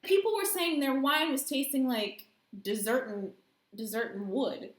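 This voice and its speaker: Lively joking woman in an echoey room. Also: high-pitched, measured pace. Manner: lively, joking, rambling explanations. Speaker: co-host. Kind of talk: casual wine review chat.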